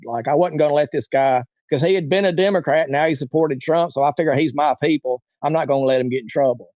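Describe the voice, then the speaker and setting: A man in his forties tells a long story in a loose, rambling way, with a voice a little higher than most men's. The sound is muffled and a bit lo-fi, and it is very dry with no room around it. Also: darkish tone, dry recording. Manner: rambling, acts out quoted voices. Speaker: interview guest. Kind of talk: casual storytelling.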